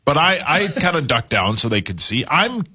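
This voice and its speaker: Man, bright husky voice, lively pitch, rambling casual storyteller, talk-show banter. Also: normal speed. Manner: rambling anecdotal storyteller, self-deprecating. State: caffeinated, talking fast.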